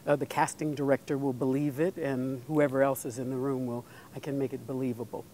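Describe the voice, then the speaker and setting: A woman's voice: very deep voice, level tone, a little fast, mellow, slight background noise. An older woman, an actress guest, answering interview questions in an earnest way, often repeating words as she thinks.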